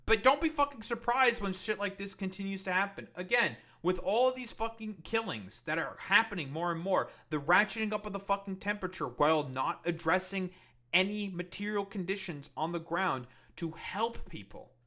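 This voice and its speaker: A man's voice: sits high, lively intonation, moderate pace, pushed and bright. A man hosting a live stream, ranting about politics in a heated, profane and mocking way.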